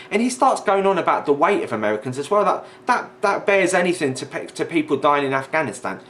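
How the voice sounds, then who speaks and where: A man's voice: on the high side, very animated, fast, few pauses, fairly bright tone, slight background noise. A man commenting indignantly on a video, swearing and repeating himself as he argues. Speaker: reaction vlogger. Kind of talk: reaction commentary.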